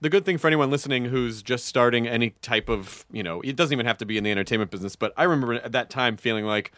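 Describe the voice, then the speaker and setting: A man's voice: medium pitch, rapid-fire, a bit bright, dry recording. A middle-aged man hosting a podcast in casual chat, loose and profane, restarting his sentences often. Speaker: podcast host.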